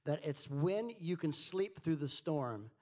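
A man preaching a sermon, swinging between quiet asides and animated, rising delivery. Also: slow pace. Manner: animated preaching, rising and falling in pitch and volume. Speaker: pastor.

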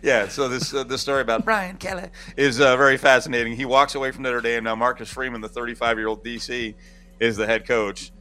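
A man hosting a casual sports talk show, talking in a rambling, animated way. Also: mid-range voice, brisk, soft background music.

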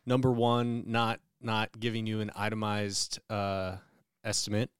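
A man's voice: on the low side, completely flat delivery, a little slow, clean tone, dry recording, clean studio sound. A man co-hosting a podcast, easygoing and practical, laughing along in casual chat. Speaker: podcast co-host.

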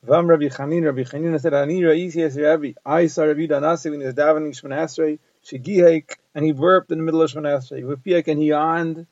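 A man's voice: a little high, fairly even intonation, fast talker, hardly any pauses, darkish tone, no echo. A man giving a daily Talmud lesson, translating phrase by phrase in an explanatory manner. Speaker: Talmud teacher. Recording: dull lo-fi dry recording.

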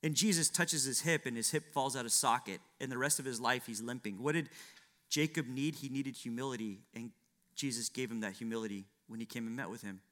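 A man's voice: medium pitch, a little fast, fairly bright tone. A man preaching a sermon, acting out biblical dialogue with dramatic shifts and asking rhetorical questions.

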